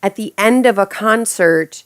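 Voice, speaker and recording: A woman singer being interviewed, playful and quick to laugh as she tells stories from her tours. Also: mid-range voice, dry recording, studio quality. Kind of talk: casual interview chat.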